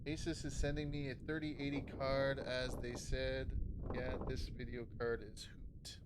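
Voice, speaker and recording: A man's voice: mid-range voice, completely flat delivery, normal speed, very noisy. A man thinking aloud and swearing as he streams a video game in casual commentary. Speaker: gaming streamer.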